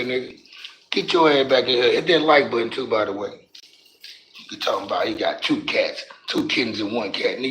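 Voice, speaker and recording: Male streamer, loose and profane, roasting his chat, slightly high voice. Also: a bit bright, a little hiss or hum, rough recording. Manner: profane, joking, trash-talking the chat. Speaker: livestream host. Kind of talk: casual livestream chat.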